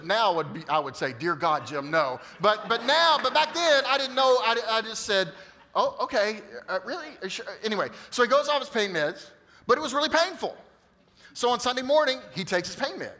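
A male pastor telling a funny story in a sermon, animated and jokey, acting out the quotes. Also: very high-pitched, brisk. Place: church auditorium.

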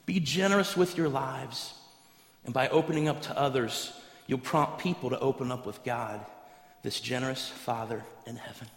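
Male pastor, higher-pitched voice, animated sermon delivery, roomy echoing sanctuary. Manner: animated storytelling, acts out voices in anecdotes. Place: large church hall. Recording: echoey hall, preached from a stage.

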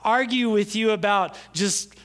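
A man preaching a sermon, stressing key phrases with slow, drawn-out words and swinging from loud to hushed. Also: sits high. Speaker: pastor.

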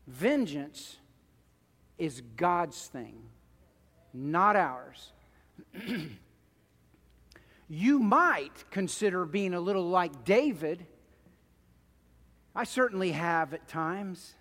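A middle-aged man preaching a sermon, moving between loud pleading and quiet, hushed asides. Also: high voice, expressive, extremely slow, long pauses, big-room sound. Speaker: pastor.

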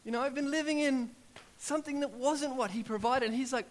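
A man, preaching a sermon in an animated, storytelling way, acting out his own prayers as he goes. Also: extremely high pitch, brisk.

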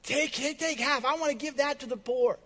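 Man voicing a joyful repentant tax collector, excited shouting, high voice, echoing hall. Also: brisk, exaggerated voice. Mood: overjoyed.

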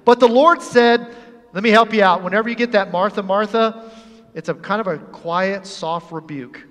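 A high-pitched male pastor preaches with animated humor, acting out the scenes of his story. His voice carries through a church sanctuary with a long, ringing hall reverb. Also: normal speed. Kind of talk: sermon.

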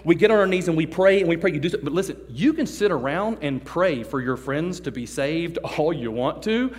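A man preaching a sermon in a large hall, animated and joking, acting out the people he talks about. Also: on the high side, a little fast. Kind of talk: sermon to a youth service. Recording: long hall reverb.

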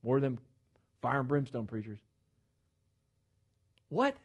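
Man preaching, slightly higher voice, emphatic, joking asides, stumbles on repeated words. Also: expressive, fairly quick, dull audio. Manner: repeats words when starting phrases. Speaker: pastor. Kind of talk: sermon. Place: church sanctuary with congregation.

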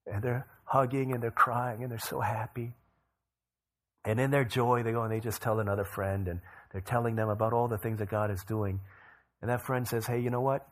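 A male pastor preaching, telling a story with rising bursts of energy and quiet low drops. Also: a little fast. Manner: energetic storyteller who rises in pitch and volume for emphasis, then drops low. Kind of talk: sermon storytelling.

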